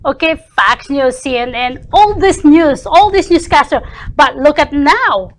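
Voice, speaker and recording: A woman's voice: high-pitched, lively intonation, a little slow. A woman with a voice, speaking in passionate, indignant bursts on a talk show. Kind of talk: heated political opinion.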